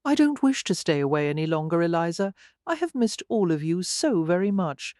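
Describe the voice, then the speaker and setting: An earnest young gentlewoman, as the narrator puts her on, speaks softly and with care in a storybook reading. The sound is dry and close. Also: mid-range voice, sing-song, a little fast, no echo, natural voice. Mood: contrite.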